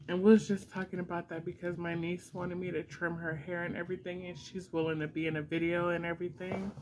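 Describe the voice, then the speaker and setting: A woman's voice: fairly low pitch, little pitch movement, brisk, hardly any pauses, darkish tone, a little hiss or hum, poor audio. A middle-aged woman vlogging an unboxing at home, gushing and emotional with frequent exclamations. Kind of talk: casual unboxing vlog.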